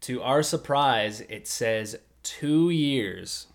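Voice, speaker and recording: A man's voice: mid-range voice, drawn-out words. A young man co-hosting a podcast, recapping an anime episode in casual, jokey chat and punching up his emphasis. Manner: animated, swings loud on emphasis, jokey. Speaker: podcast co-host.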